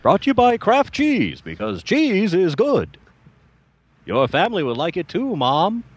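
A man voicing a cheerful old-time radio announcer making a sales pitch in 1940s radio style. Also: wildly swooping pitch, unhurried, slightly rough, heavily acted. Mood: hearty.

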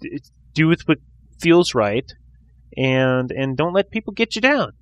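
A man's voice: a little high, sing-song, unhurried, no room sound, highs cut off. A man hosting a casual podcast chat, rambling and restarting his sentences. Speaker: podcast host.

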